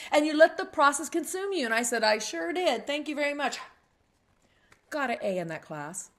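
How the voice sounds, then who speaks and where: A middle-aged woman hosting an interview, telling a story in a casual, animated way and acting out the voices she quotes. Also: high-pitched. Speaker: host.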